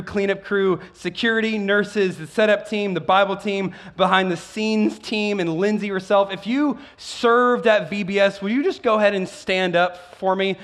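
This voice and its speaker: Excitable high-voiced pastor. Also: male voice. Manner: excitable, with frequent stumbles and restarts. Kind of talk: sermon.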